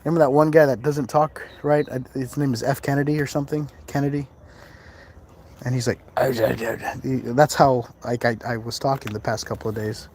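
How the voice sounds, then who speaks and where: While exploring a cemetery on a live ghost-hunting stream, a man talks a little fast in a mid-range, darkish voice with fairly even intonation. He keeps up a casual, rambling chat full of laughs and asides.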